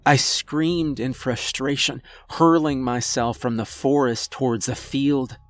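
A man narrating a first-person horror story in a measured, somber manner. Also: medium pitch, fairly even intonation.

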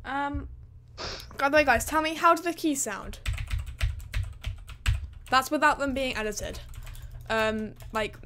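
A woman chats through a gaming livestream, hyper and talkative, her voice sitting a little high. She fills her talk with likes and ums. Faint keyboard typing can be heard behind her. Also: slow pace, long pauses, pushed and bright, a little hiss or hum. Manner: hyper, chatty, many fillers. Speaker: gaming streamer. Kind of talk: excited livestream chat.

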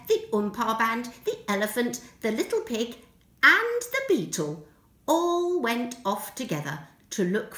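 A woman who teaches nursery school, reading a storybook aloud to young children in a gentle, expressive way. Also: fairly high pitch. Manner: gentle, expressive and sing-song. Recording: echoey room.

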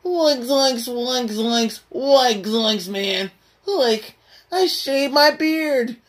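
Shaggy, a high whiny cartoon slacker. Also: male voice, very slow, full character voice. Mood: spooked. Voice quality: high nasal drawl, says "like, zoinks". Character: jittery scared male cartoon slacker.

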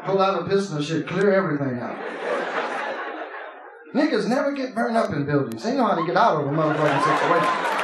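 On a nightclub stage, a stand-up comedian with a high voice tells profane, streetwise stories. The club is echoey, with heavy background noise and crowd laughter.

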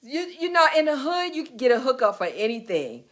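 A woman's voice: sits high, very animated, fairly quick. A woman with a New York accent hosting a live business Q&A, chatty and digressive, talking straight to viewers. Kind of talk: casual live-stream chat. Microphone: webcam or phone on a live video stream.

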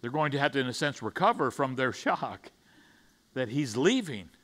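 A man's voice: mid-range voice, big pitch swings, moderate pace, a bit bright. A man preaching a conversational sermon in church, stumbling over restarts and acting out the disciples' side in paraphrase. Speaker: pastor. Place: church sanctuary.

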